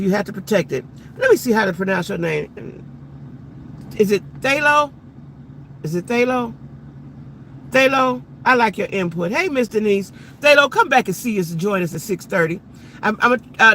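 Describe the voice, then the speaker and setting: A middle-aged woman talks loosely and animatedly to her live-stream viewers while sitting in her car. Her voice has a gravelly fry and a bright, forceful edge. A faint hum of background noise runs underneath. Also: lowish voice. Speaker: livestream host. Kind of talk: casual live-stream chat.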